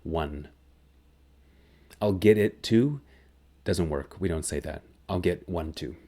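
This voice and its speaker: A man teaching a grammar lesson, explaining slowly and clearly. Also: low-pitched, warm tone. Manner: slow, clear, deliberate explanation. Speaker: English teacher.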